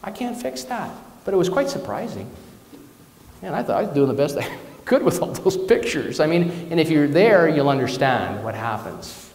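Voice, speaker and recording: Male minister, slightly high voice, candid storytelling preacher who pokes fun at himself, recorded in a reverberant church hall. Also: very animated, moderate pace, darkish tone. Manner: candid, personal storytelling with self-deprecating asides. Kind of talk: conversational sermon. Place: church or spiritual centre hall. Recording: echoey hall with long reverb.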